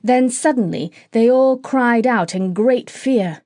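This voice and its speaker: A woman narrating a children's classic audiobook in a clear, steady reading voice. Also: a little high, slow, hardly any pauses, dry recording, clean studio sound. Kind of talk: storybook narration.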